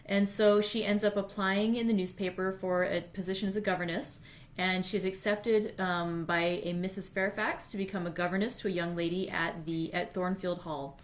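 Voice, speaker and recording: Brief: female library host, mid-pitched, chatty recap of a classic novel. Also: steady tone, normal speed. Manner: chatty, uses fillers like "you know". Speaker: library read-aloud host. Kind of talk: casual book recap.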